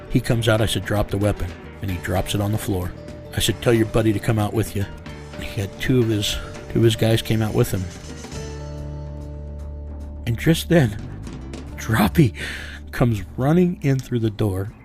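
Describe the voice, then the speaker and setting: A man's voice: fairly low pitch, moderate pace, darkish tone, soft background music. A man in an interview, bluntly recounting a tense story in a matter-of-fact way. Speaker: interview subject recounting events.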